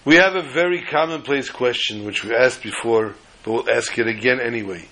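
Animated man telling a sermon story. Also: medium pitch, fairly quick, rough recording. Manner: animated storyteller, lots of Hebrew and Yiddish terms. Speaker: religious teacher.

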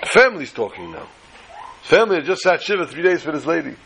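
A man telling a story to a class in a lively way, repeating phrases and mixing in Yiddish and Hebrew terms. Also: fairly high pitch, fast, gravelly, slight background noise, rough recording.

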